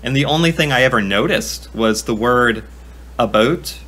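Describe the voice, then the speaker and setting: A young man with a bright, forward tone at an ordinary pitch. He talks in a chatty, self-mocking way, thinking out loud and often breaking into laughter as he reacts. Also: normal speed. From United States. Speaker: reaction video creator. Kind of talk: casual reaction commentary.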